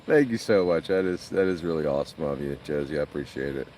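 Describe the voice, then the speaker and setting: Deep-voiced guy livestreaming by a lake. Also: expressive, fast talker, darkish tone, recorded from a distance, slight background noise. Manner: laughs a lot, rambling storyteller. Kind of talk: casual live-stream chat. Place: outdoors by a lake. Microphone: phone.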